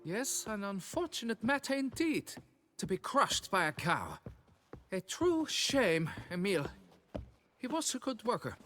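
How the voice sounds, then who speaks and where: An actor playing a flustered, stingy quarry foreman who talks in a fussy, excitable, wheedling way in a video game. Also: sits high, measured pace, soft background music, exaggerated voice. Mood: anxious.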